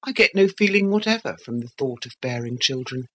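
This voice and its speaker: A woman's voice: very deep voice, lively intonation, brisk, husky, full character voice. A woman voicing an ironic, restless young woman in an audiobook reading, cool and probing. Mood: cold.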